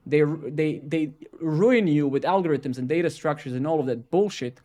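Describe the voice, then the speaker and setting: A man live-streams his coding at normal speed in a fairly high voice, ranting and swearing casually and tagging sentences with "right?" and "man." When he gets to debugging, he drops into quiet muttering.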